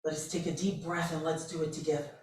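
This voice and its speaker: A woman's voice: low-pitched, little pitch movement, a little mellow. Woman speaker in a roomy sanctuary. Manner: slow, soothing meditation voice. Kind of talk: guided affirmation sermon. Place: church sanctuary. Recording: roomy, far from the mic.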